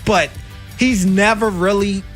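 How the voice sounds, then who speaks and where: A high-pitched man with a Baltimore accent talks sports on the radio in animated, emphatic bursts, full of quick asides. Faint music plays under his voice in the studio. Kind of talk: casual sports radio banter.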